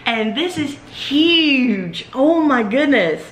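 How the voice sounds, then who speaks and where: A woman with a Southern US accent gushing excitedly as she unboxes fan mail in a casual vlog. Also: high voice, reverberant. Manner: gushing, excitable, slow-spoken. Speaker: YouTuber opening fan mail. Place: indoors at a table.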